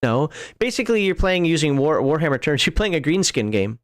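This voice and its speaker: A man's voice: on the high side, sing-song, brisk, smooth. A man hosting a show, reading rules aloud and wandering off into chatty asides. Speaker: podcast host. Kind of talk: casual rules walkthrough.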